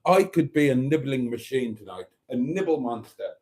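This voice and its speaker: A man's voice: medium pitch, expressive, moderate pace, darkish tone. A man hosting a casual live stream, theatrical and camp, calling viewers darling and trading cheeky mock-rude jokes.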